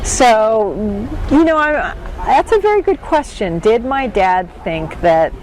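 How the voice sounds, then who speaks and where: A woman's voice: fairly high pitch, animated, slow, music in the background, low-quality recording. A middle-aged woman being interviewed, talking conversationally with fillers. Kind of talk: casual interview talk. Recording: recording with noticeable background noise.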